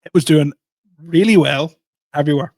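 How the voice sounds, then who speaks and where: A man's voice: a little high, moderate pace, a little mellow, dry recording. A man co-hosting a comedy podcast, telling self-deprecating stories with frequent laughter. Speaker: podcast co-host and stand-up comedian. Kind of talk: casual chat.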